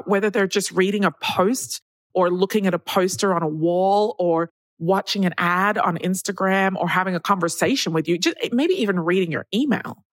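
A woman's voice: medium pitch, no room sound. A woman hosting a solo podcast, talking in a chatty, candid way and acting out the people she quotes. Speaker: podcast host.

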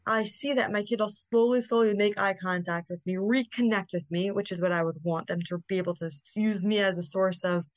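A woman's voice: mid-range voice, fairly even intonation, fairly quick, hardly any pauses, no echo. A middle-aged woman guest on a parenting podcast, explaining in an earnest, hands-on way. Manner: earnest, explanatory, often acts out what parents say to kids. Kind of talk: podcast interview.

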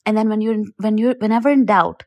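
A woman's voice: mid-range voice, fast talker, darkish tone, dry recording, studio quality. A woman confidence coach giving motivational advice in a podcast voice note, direct and encouraging, repeating her points for emphasis. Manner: encouraging, addresses listener as you. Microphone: recorded as a voice note.

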